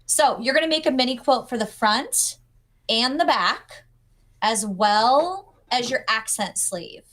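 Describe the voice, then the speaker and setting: A woman's voice: a little high, animated, slow, fairly bright tone. Woman, young adult, chatty, upbeat, step-by-step teacher, video call audio. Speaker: pattern designer guest. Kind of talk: demonstrating a pattern on a livestream.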